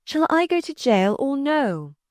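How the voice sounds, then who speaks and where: A woman's voice: high voice, big pitch swings, measured pace, no room sound, clean studio sound, pitched above the performer's own voice. A woman reading aloud voices a pious, spirited young noblewoman who pleads with fervent conviction. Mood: pleading.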